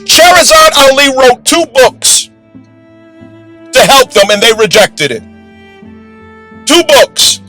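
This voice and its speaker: High-voiced man preaching over music. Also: big pitch swings, slow, pauses often, low-quality recording. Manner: forceful, preachy, profane. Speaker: commentator. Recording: music bed under voice.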